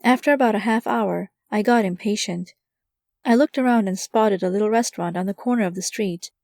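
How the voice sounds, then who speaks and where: A woman narrating a light first-person mystery audiobook, giving lively voices to the characters. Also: mid-range voice, brisk, vocal fry, dry recording, studio quality.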